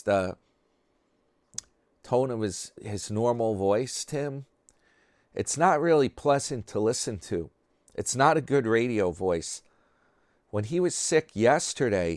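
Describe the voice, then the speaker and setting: A man's voice: medium pitch, no echo, clean studio sound. A man hosting a commentary channel, talking casually and sarcastically in a rambling way about another creator.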